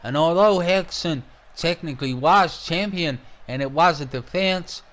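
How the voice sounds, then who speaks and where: Male wrestling commentator, high-pitched, brash, profane play-by-play. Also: unhurried, a bit bright. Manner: brash, trash-talking, swears a lot.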